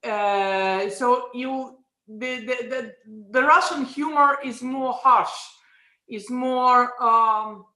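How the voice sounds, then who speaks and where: A woman with a high, bright voice speaks slowly as a discussion guest, stopping often to find her words. Her voice rings in an echoey room. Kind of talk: panel discussion.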